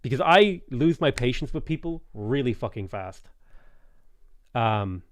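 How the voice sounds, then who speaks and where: Irish man, 30s, casual streamer: rambling, blunt, profane, mid-pitched, dry close mic. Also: expressive, unhurried, no room sound. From Ireland. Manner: rambling, blunt, profane, acts out little dialogues. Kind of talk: casual live-stream chat.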